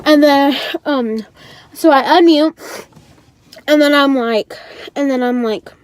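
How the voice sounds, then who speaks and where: A woman's voice: high-pitched, slow, dry recording. A teenage girl vlogger casually telling a dramatic story, full of "I'm like" asides. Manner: chatty, dramatic retelling with many "I'm like" asides.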